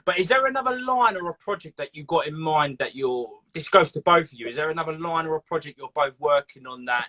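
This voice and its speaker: A man hosting a live stream, talking excitably and stumbling over his words in casual chat. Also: a little high, fast, hardly any pauses. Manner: excitable, stumbling, swears freely.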